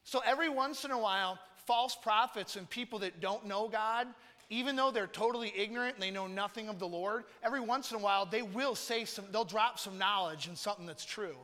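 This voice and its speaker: A man with a high, sharp-toned voice preaches briskly in a church. His sermon is conversational, with casual joking asides and emphatic points, and the recording carries long reverb from the large hall.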